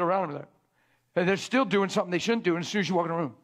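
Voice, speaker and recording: A middle-aged man delivers a conversational sermon in a fairly high voice. He talks to the room like a friend, then sinks into a hushed whisper to drive a point home. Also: moderate pace, long pauses. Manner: conversational preaching, drops to a hushed whisper for emphasis. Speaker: preacher.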